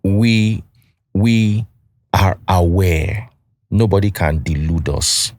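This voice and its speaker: A man hosting a podcast interview, building long questions in a measured way. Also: low-pitched, darkish tone, no echo, studio quality. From Nigeria. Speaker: podcast host.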